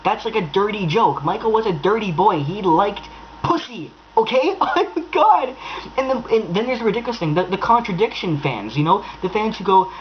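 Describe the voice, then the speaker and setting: A man's voice: high voice, expressive, a little fast, muffled recording, a little hiss or hum. A young man ranting to camera in an exasperated, sarcastic tone, swearing freely. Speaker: vlogger. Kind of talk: angry rant to camera.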